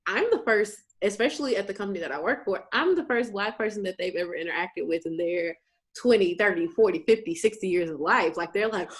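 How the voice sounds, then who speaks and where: A woman's voice: mid-range voice, fairly quick. A woman in her twenties hosting a casual chat, telling stories with animation and acting out the people she quotes. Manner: animated storyteller who acts out quoted people. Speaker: host.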